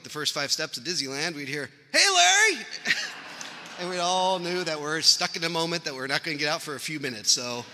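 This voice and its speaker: A man's voice: medium pitch, bright, forceful tone, big-room sound. A man from Idaho giving a rambling, anecdotal funeral eulogy about his father figure, chuckling as he tells family stories. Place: funeral venue hall.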